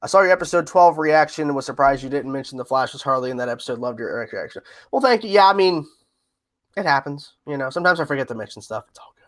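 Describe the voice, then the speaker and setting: A man's voice: medium pitch, animated, fast. A man hosting a casual livestream, reading out viewer questions and answering in a chatty, repetitive way with frequent laughs. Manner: chatty, laughs often, repeats himself. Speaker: livestream host.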